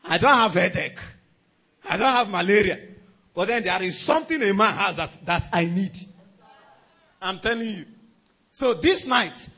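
A man preaching a sermon as a pastor, animated, often chuckling and repeating himself for emphasis. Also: high voice, moderate pace, pauses often, breathy edge.

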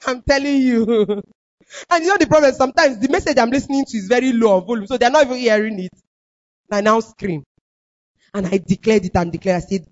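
Animated Nigerian woman preaching a testimony. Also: fast. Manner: animated, swings from low murmurs to loud declarations. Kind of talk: testimony sermon. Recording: dull lo-fi recording.

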